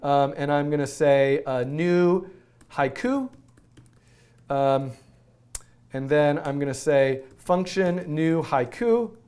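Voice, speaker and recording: In this live-streamed coding lesson, the male instructor talks himself through the code as he types, joking and laughing at himself along the way. His fairly high, somewhat mellow voice moves at a slow pace broken by long pauses.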